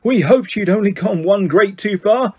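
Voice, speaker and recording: A man voicing an excitable, easily indignant middle-aged wizard father. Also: sits high, moderate pace, slightly rough, no echo, studio quality, voice pushed up.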